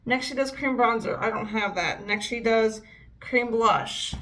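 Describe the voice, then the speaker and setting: Bright-voiced young woman ranting. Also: fairly high pitch, measured pace, distant mic, soft background music. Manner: frustrated, swearing, exclamatory. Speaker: beauty vlogger. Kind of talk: casual makeup vlog chat.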